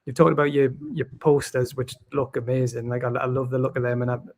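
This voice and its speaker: A man's voice: mid-range voice, level tone, brisk. A man with a Tyneside Geordie accent from Gateshead, hosting a casual interview in a friendly, enthusiastic way with hesitant restarts. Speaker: podcast host.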